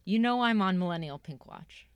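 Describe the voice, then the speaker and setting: A woman's voice: medium pitch, animated, normal speed, clean tone, no echo, muffled recording. A woman co-hosting a podcast, talking casually with lots of fillers and asides. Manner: chatty, self-correcting, frequent "like" and "um". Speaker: podcast co-host. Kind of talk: casual chat.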